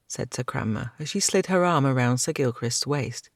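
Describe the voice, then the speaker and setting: Male audiobook narrator, gravelly, even delivery. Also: mid-range voice, normal speed, few pauses, no room sound, clean studio sound. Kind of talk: scripted fantasy narration.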